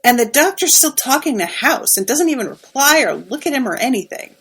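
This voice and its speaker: A woman's voice: high voice, sing-song, brisk, fairly bright tone, husky, poor audio. A woman co-hosting a podcast, casually recapping a TV episode in an emphatic, sympathetic way with lots of fillers. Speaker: podcast co-host.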